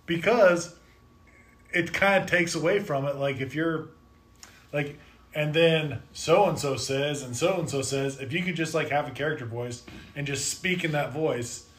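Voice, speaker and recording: Relaxed man with a slightly high voice. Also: a little slow. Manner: relaxed, lots of fillers like 'like' and 'uh'. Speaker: dungeon master. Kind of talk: casual chat.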